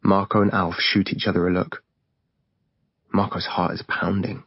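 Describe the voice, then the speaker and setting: A man narrating an audiobook in a steady, plain storytelling manner. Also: low-pitched, unhurried, long pauses, husky, no room sound. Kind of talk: scripted narration. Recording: dull dry lo-fi recording.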